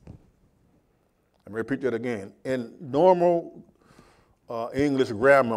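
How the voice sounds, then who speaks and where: A man preaching a sermon as pastor, slow and emphatic, swinging from loud to quiet. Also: mid-range voice.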